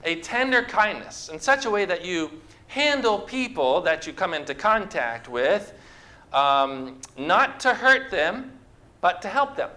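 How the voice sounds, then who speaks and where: A man's voice: high-pitched, big pitch swings, measured pace, pushed and bright. A man preaching a sermon to a congregation, talking conversationally and asking the people questions. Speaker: pastor. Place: church with a congregation.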